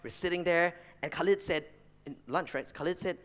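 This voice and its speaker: A man's voice: fairly high pitch, a little fast. A man in his thirties giving a business talk to an audience, telling stories and acting out the people in them. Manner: animated storyteller who acts out family members and colleagues. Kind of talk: stage talk with acted anecdotes.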